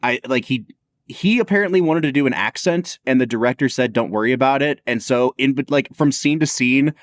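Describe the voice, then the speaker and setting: A man's voice: mid-range voice, fairly quick, no room sound, clean studio sound. A man co-hosting a podcast, talking about films in a casual, opinionated way and laughing often. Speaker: podcast co-host. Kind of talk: casual film chat.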